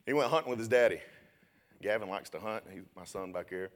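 A young man preaching a sermon, telling a story and then building to loud, shouted preaching. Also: fairly low pitch, a little fast.

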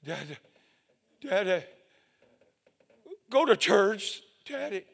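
A man voicing a young boy who earnestly begs his father, in a high pleading voice. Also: big pitch swings, slow pace, creaky, full character voice. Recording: reverberant hall.

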